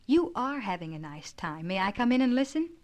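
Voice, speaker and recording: Woman reading kindly cheerful mother, gentle, merry, audiobook. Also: on the low side, fairly even intonation, moderate pace, natural voice. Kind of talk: audiobook character voice.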